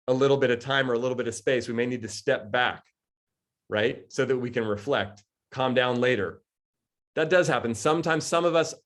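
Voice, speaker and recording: Animated man coaching a group. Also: mid-range voice. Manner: lively, acts out quoted voices, laughs often. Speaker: coach and speaker. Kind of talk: live coaching talk to a group.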